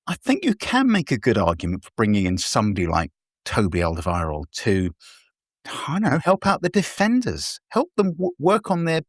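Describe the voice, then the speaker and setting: A man hosting a casual football podcast, talking in an animated, jokey, self-mocking way. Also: mid-range voice, no room sound, clean studio sound. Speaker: podcast host.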